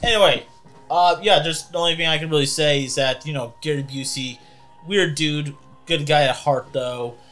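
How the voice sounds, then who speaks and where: A man putting on a cocky, laid-back movie-star bro, pitched up from his own voice. He talks in a breezy, chummy way, stumbling over his words now and then. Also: normal speed, fairly bright tone, soft background music, lightly acted.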